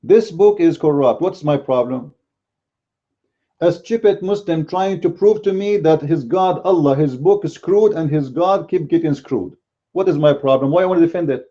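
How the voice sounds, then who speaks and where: A man with a very deep, mellow voice whose first language is Arabic, arguing in a blunt and combative way. He delivers casual commentary on a dull, lo-fi recording. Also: normal speed. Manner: blunt and combative, speaks bluntly by his own account. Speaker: Christian apologetics commentator.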